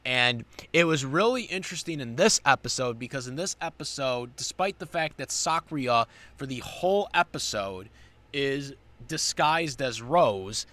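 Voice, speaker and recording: A man's voice: medium pitch, animated, a little slow, fairly bright tone, dry recording. A man giving a casual spoken recap of an anime episode, rambling with many fillers and restarts. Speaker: anime reviewer.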